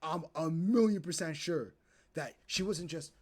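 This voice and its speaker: A young man streaming, ranting to his chat in animated, profane commentary and acting out the people he talks about. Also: fairly high pitch, measured pace. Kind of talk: casual commentary to live chat.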